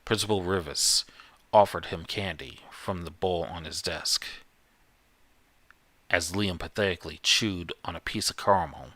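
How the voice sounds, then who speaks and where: A man's voice: sits low, sharp tone, dry recording. A man narrating a horror story live, often stumbling and correcting himself as he reads. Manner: stumbling, self-correcting reading.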